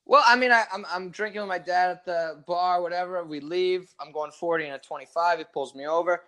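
A young man with a slightly high voice rambles through a story on a casual podcast, swearing freely and acting out each quote. He sounds loose and laid-back. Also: a little fast, bright, forceful tone, clean tone. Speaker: podcast co-host.

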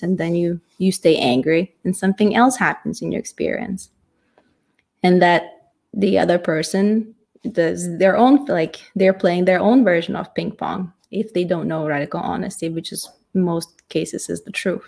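A woman teaching how to communicate, in a reflective, halting way that thinks aloud. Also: on the low side, vocal fry, darkish tone. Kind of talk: casual teaching talk.

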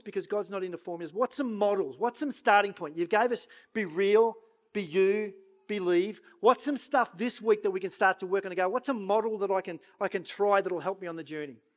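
A middle-aged male pastor delivering a sermon, swinging from loud urging to hushed, slow prayerful lines. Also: high voice.

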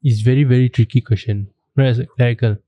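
A man, co-hosting a podcast with playful, loud interjections. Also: mid-range voice, steady tone, a little fast, no echo, lo-fi sound. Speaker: podcast co-host. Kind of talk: casual podcast chat.

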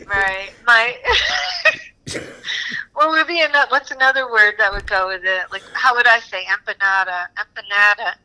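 Bright, giggly woman chatting on a podcast. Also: mid-range voice, normal speed, clean tone, rough recording. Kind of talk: casual podcast chat.

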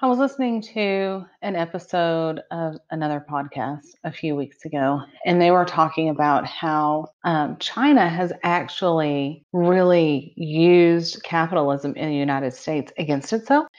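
A middle-aged woman co-hosts a podcast, chatting casually and laughing easily in a low, unhurried voice with few pauses. The recording has a dull, lo-fi quality.

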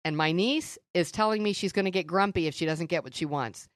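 A middle-aged woman co-hosting a faith podcast, telling stories and teaching in an earnest, animated way. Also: on the low side, a little fast, no echo, clean studio sound. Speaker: podcast co-host. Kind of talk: faith-based conversational teaching.

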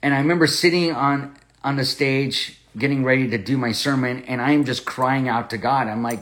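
A man of ordinary middle pitch hosts a Bible study podcast. He tells a personal story earnestly, often repeating and restarting his words as he goes. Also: fairly even intonation, normal speed, fairly bright tone. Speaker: podcast host and Bible teacher.

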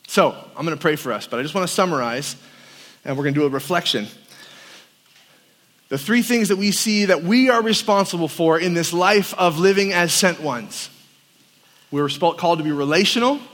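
A man's voice: a little high, a bit bright. A man, a campus pastor, preaching a sermon and telling stories, animatedly acting out the quotes. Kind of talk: sermon with storytelling. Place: large hall at a winter camp. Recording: long reverb of a hall.

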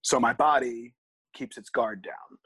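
A young man co-hosting a casual podcast, his voice husky and a little breathy. The sound is dry and close. He tells stories with animated swings and swears freely. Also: medium pitch, a little slow, dry recording, poor audio. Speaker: podcast co-host. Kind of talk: casual chat.

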